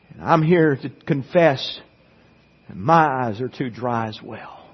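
A man's voice: medium pitch, lively intonation, takes it slowly, slightly rough. A male pastor giving an earnest sermon, often repeating words as he goes. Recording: echoey church hall, dull lo-fi sound.

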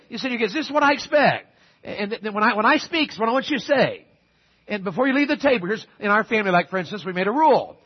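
A man's voice: high voice, slightly rough, dull audio. A middle-aged man preaching a sermon as pastor, telling folksy stories and pressing his points emphatically. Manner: folksy storytelling, emphatic exhortation.

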